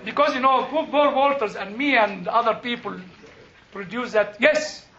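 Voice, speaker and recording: A man's voice: extremely high pitch, normal speed, muffled recording. An older man teaching a Bible class, telling a story with laughter and emphatic outbursts. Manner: animated, laughing, rising to emphatic bursts.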